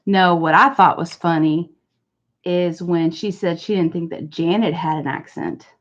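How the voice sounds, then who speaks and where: A woman's voice: on the low side, unhurried, dull audio. A woman hosting a livestream, chatting casually and answering viewers one by one. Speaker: livestream host. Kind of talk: casual chat.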